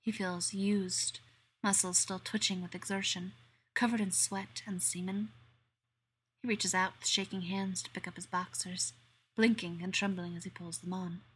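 Breathy woman narrating intimately. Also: fairly low pitch, little pitch movement. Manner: intimate, slow, slipping into whispers. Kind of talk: scripted narration of an erotic audio story.

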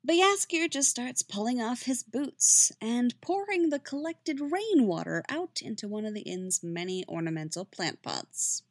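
Woman narrating with a lively voice. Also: fairly high pitch, a little slow, hardly any pauses, no echo, clean studio sound. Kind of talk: fan fiction reading.

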